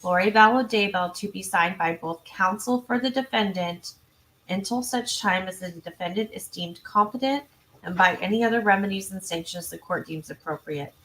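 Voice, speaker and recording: A woman hosting a true crime livestream, chatty and self-interrupting, reading viewer comments and adding quick asides. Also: medium pitch, a bit bright. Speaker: true crime channel host. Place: home.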